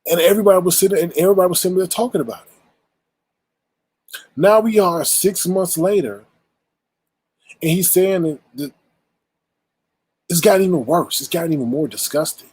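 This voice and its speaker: Casting note: adult male commentary host, AAVE speech, husky slightly high voice, dry close recording, blunt exasperated ranting delivery. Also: normal speed, long pauses, darkish tone, no room sound, rough recording. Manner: blunt, exasperated, rhetorical, profane.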